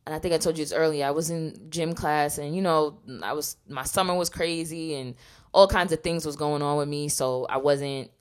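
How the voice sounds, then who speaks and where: A young woman with a low-pitched voice co-hosts a casual podcast chat. She tells stories animatedly and acts out other people's lines as she goes. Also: normal speed. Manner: animated storytelling, acts out quotes. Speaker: podcast co-host.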